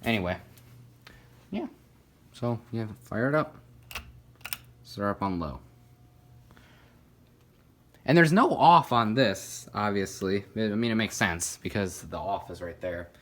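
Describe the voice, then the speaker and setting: Man, low pitch, slow pace, casual hobby video narration, rambling, filler-heavy. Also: lively intonation, fairly bright tone. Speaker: ceiling fan collector showing a fan.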